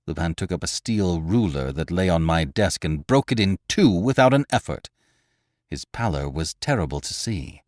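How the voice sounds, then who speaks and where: A man, host of a classic-story podcast, reading a novel aloud with dramatic, expressive storytelling. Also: low voice, no echo, studio quality. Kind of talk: audiobook narration of a classic novel.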